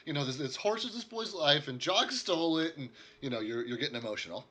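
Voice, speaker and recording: A man narrating as game master of a tabletop game. He corrects himself as he goes, and his pitch swoops a lot. His tone is bright and sharp. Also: fast, a little hiss or hum. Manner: animated, self-correcting narration.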